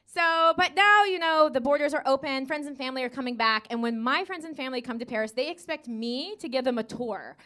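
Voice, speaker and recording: Her voice sits high, bright and forceful as this thirtysomething American woman performs stand-up to a live comedy club audience. Sassy, quick asides and frequent "okay"s fill the set, along with gushing put-on voices for the people she quotes.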